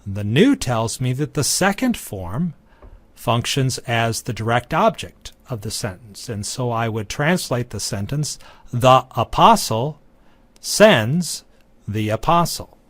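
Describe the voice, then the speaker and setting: Slow, deliberate male lecturer. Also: mid-range voice, sing-song, dry recording. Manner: deliberate, measured teaching delivery. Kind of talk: recorded classroom lecture.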